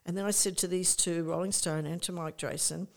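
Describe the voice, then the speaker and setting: An older woman, a guest on an interview show, telling anecdotes in a lively, rambling way, restarting sentences and acting out what people said. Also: lowish voice, brisk, gravelly. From Australia. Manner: animated anecdote-telling, many restarts, acts out quoted people. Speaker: interview guest, music promoter. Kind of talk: casual storytelling chat.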